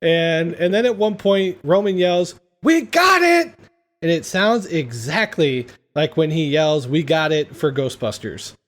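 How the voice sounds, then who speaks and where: A man's voice: fairly high pitch, unhurried, hardly any pauses. A man hosting a casual podcast, retelling a comedy film scene by scene and laughing often. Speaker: podcast host.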